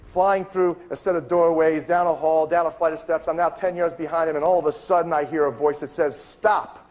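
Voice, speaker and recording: A man giving an earnest lecture, telling a story with lively acted-out dialogue and swings in pitch. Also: brisk. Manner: animated, acts out dialogue with big pitch swings; earnest, spiritual framing.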